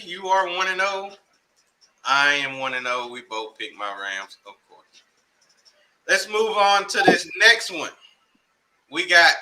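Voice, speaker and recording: A man's voice: a little high, sharp tone, low-quality recording. A laid-back man co-hosting a sports picks show, using slang and reading off game stats. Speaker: co-host. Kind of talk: casual sports chat.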